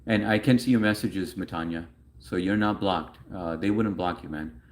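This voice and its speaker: Deep-voiced man chatting on a livestream. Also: moderate pace. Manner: rambling, chatty, reads chat messages aloud. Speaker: livestream host answering chat. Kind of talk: casual livestream chat.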